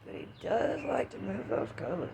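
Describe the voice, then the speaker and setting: A woman's voice: medium pitch, sing-song, normal speed, vocal fry. A woman with a Southern US accent rambling through a casual, profanity-laced monologue outdoors in the wind. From Southern United States. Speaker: vlogger.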